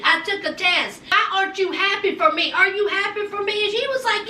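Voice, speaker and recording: A woman recapping a reality show in a sassy, animated way, acting out the people she quotes. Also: very high-pitched, moderate pace, few pauses. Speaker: recap vlogger. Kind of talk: casual TV recap chat. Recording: echoey room, mic at a distance.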